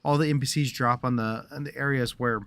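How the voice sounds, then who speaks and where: A man chatting casually over his gameplay in a middle-pitched voice. He rambles and restarts his thoughts often, talking straight to his viewers. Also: fairly even intonation, a little fast, fairly bright tone. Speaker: livestreamer.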